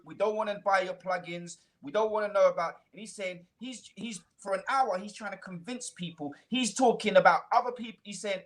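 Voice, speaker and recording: A man ranting heatedly on a livestream, talking fast with stumbling restarts and mocking impressions of others. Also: high voice, a bit bright. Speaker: guest on a livestream.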